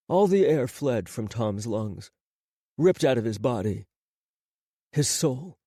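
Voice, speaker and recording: A man narrating an audiobook in a measured, dramatic scripted delivery on a close studio microphone. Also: medium pitch, big pitch swings, dark tone, no echo.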